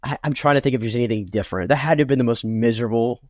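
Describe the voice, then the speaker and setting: A man co-hosting a casual sports podcast, telling stories in a joking, animated way and repeating words. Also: medium pitch, racing, no echo, clean studio sound. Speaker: podcast co-host.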